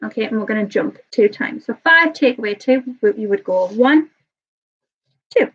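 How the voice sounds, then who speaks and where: Speaking in a mid-range voice with lively intonation and a slight roughness, an early years teacher leads a live online maths lesson for little kids. Patient but a bit nervous, she rushes slightly and keeps checking "okay?". The sound is somewhat dull and lo-fi.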